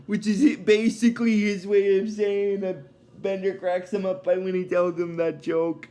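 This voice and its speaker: A man's voice: high-pitched, steady tone, unhurried, mellow. A man recapping a cartoon episode in a casual, rambling way, with many fillers and chuckling asides. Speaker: episode reviewer.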